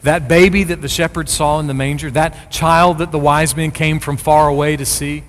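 A middle-aged male pastor preaches with a fairly high voice that climbs into forceful emphasis on key words. His sermon carries a long reverb tail from a large hall, with faint ambient noise underneath. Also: fairly even intonation, normal speed.

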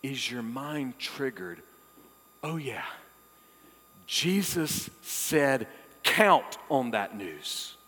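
Man, pastor, sermon, dynamic preaching from loud to hushed, long hall reverb. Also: mid-range voice, very animated, extremely slow, long pauses, breathy edge.

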